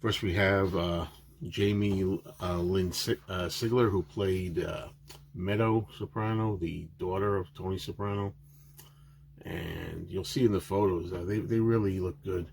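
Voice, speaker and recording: Man, very low voice, casual rambling collector vlog, lots of "uh"s, faint hum behind. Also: fairly even intonation, gravelly, darkish tone. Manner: rambling, many filler pauses and restarts; chatty and enthusiastic. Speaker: autograph collector vlogger. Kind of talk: casual show-and-tell narration.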